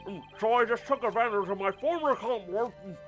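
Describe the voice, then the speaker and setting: Defiant young rebel, man reading, casual drawl, high pitch, faint game music behind. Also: fairly quick, fairly bright tone. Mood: cocky. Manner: casual, dismissive drawl, talks with mouth full. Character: cocky young male rebel, evasive and defiant.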